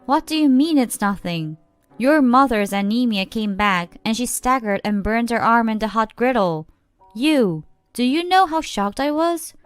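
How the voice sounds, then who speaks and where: A middle-aged father scolds loudly out of worry, as a woman storyteller puts him on. The sound is dry and close, and a faint music bed plays beneath. The voice is clean and smooth. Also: fairly high pitch, lively intonation, unhurried, no room sound. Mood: alarmed. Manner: loud, scolding. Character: shocked worried father, middle-aged man, yelling.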